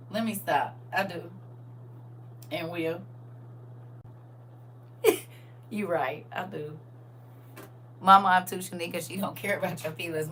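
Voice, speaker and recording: A woman hosting a casual livestream chat, talking straight to her viewers in a playful, animated way and laughing often. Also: mid-range voice, slight background noise. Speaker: livestream host.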